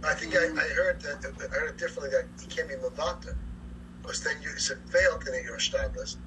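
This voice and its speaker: Man, class participant, slightly high voice, hesitant, recorded far off with clear room noise. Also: a little fast. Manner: hesitant, offering his own view. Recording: distant voice in a noisy, humming room.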